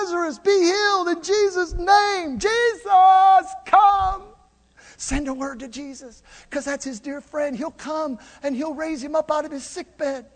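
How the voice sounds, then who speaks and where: A man preaching a sermon to his congregation, animated, swinging between loud and hushed, with jokey asides. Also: very high-pitched. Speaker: pastor. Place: church. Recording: long hall reverb.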